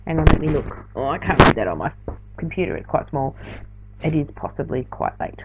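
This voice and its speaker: A woman's voice: low-pitched, animated, fairly quick, very noisy. A tired woman, chatting casually through a late-night craft tutorial voiceover, rambling and correcting herself as she goes. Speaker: art journaling teacher. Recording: slightly dull lo-fi sound.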